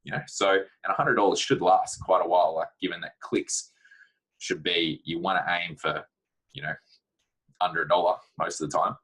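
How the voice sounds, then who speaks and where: A man's voice: deep voice, fairly even intonation, moderate pace, a bit bright, breathy edge, low-quality recording. A man giving blunt, practical career advice in a casual talk to camera, with plenty of fillers.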